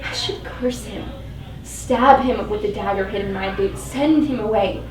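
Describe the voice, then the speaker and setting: A woman of medium pitch reads first-person fiction aloud at a live event, her delivery dramatic and emotionally intense at a moderate pace. The mic sits at a distance in an echoey venue.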